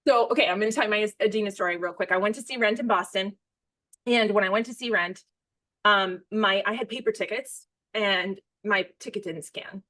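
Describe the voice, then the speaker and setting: Talking a little fast, a podcast host from the United States in her thirties rambles and gushes through casual chat, breaking off mid-thought again and again. Her mid-range voice comes across bright and forceful.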